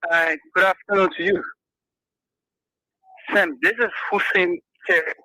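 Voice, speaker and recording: A man's voice: high-pitched, fairly even intonation, unhurried, bright, forceful tone, dry recording, poor audio. A man with a Liberian accent calling in to a radio talk show and arguing his point, repeating himself as he goes. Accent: Liberian English. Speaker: caller. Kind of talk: call-in radio opinion.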